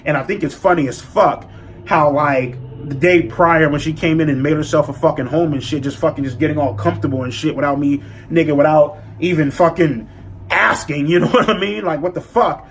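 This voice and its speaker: A man telling a story in a casual vlog, profane and animated as he rants. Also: a little high, a little fast, a little hiss or hum. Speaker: vlogger.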